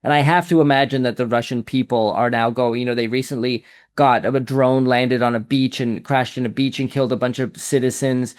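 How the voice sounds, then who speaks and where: A man's voice: medium pitch, fairly even intonation, brisk, clear, resonant tone. A man hosting an interview, asking long, conversational questions. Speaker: podcast host.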